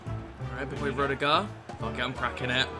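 A young man commentating his own video game matches in an excitable, sweary, chatty way, talking to the viewers as lads. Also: mid-range voice, a little fast. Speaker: gaming video host. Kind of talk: live gameplay commentary. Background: background music.

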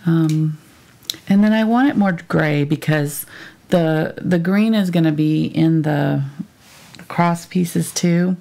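A woman teaching a live painting tutorial step by step, thinking aloud as she works in a relaxed, chatty way. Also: low-pitched, slow, creaky. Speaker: painting instructor.

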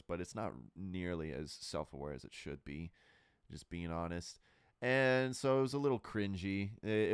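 A man's voice: low-pitched, clear, resonant tone, dry recording, clean studio sound. A man hosting his own podcast, giving candid, rambling opinions in a casual monologue full of fillers and restarts. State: burping and hiccuping. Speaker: podcast host.

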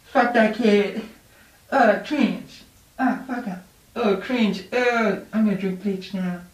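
A man's voice: high-pitched, slow pace, pitched above the performer's own voice. A man doing a whiny, disgusted young guy who sneers at cringe online, recorded in an echoey room from a distance.

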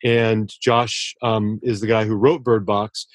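A man's voice: fairly low pitch, little pitch movement, slow pace, dry recording. A man speaking as a guest author in a casual podcast interview, earnest and effusive, often restarting his sentences.

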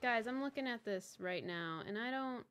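Her fairly high, slightly bright voice has lively intonation and a moderate pace as this young woman plays a game on stream. The talk is casual: exclamations, repetition, swearing when things go wrong, and hellos to chatters by name.

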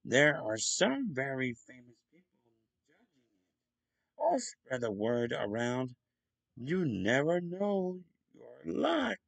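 A fretful building-site foreman who complains and frets, as a man reading a storybook puts him on. His voice is gravelly and slow, recorded dry and close. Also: medium pitch, big pitch swings, dry recording, exaggerated voice. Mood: friendly.

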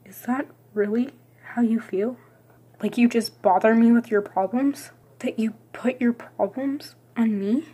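Woman playing a soft, insistent loyal friend, husky and high. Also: a little slow. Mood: pleading. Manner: gentle, insistent and reassuring. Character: caring young woman, loyal best friend.

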